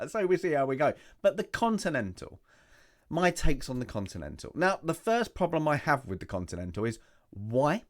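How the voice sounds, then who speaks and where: A man's voice: mid-range voice, sing-song, moderate pace. Chatty man ranting in a review. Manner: chatty, rambling, with asides and rhetorical questions. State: voice recovering from loss. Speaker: host. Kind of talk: casual review monologue.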